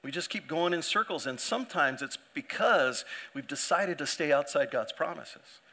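This pastor preaches casually, breaking off sentences to start again and performing the voices of those he quotes. He sounds on the high side and animated, with a pushed, bright quality at a normal speed.

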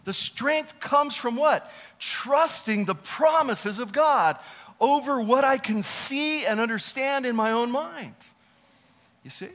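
A man preaching a sermon as a pastor, animated, stretching key words and dropping to a chatty tone for personal stories. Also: very high-pitched, takes it slowly.

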